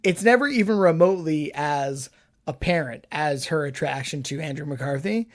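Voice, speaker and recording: A man's voice: a little high, moderate pace. A man co-hosting a podcast in casual chat about a film, blunt and opinionated, swearing freely. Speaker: podcast co-host.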